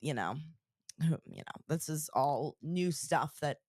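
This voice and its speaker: A woman's voice: sits low, measured pace, dry recording, studio quality. A woman co-hosting a podcast in casual chat, retelling stories with lots of "like" fillers. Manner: chatty, many "like" fillers, animated retelling. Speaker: podcast co-host.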